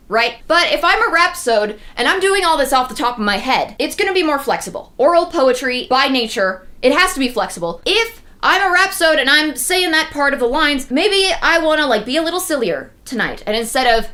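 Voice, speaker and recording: A woman giving a casual, digressive livestream talk on ancient poetry, jumping into animated bursts of excitement and slowing down to recite verse in a measured rhythm. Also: sits high. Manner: chatty, digressive, animated with sudden excited jumps. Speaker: streamer explaining mythology. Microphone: streaming setup.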